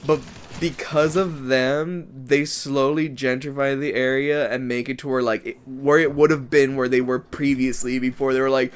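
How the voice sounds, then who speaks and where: A man's voice: medium pitch, steady tone, normal speed, a little hiss or hum. A man from the United States ranting casually as a vlogger, rambling, swearing a lot and leaning on "like" as a filler. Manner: rambling and profane, heavy use of "like". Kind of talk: casual rant.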